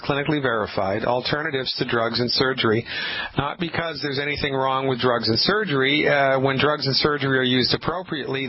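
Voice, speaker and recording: A man's voice: medium pitch, slightly rough. A man hosting a live health radio show, talking emphatically and repeating points for force. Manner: emphatic, repetitive, preachy; mock Irish lilt in the opening. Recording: slightly dull radio broadcast with faint hiss.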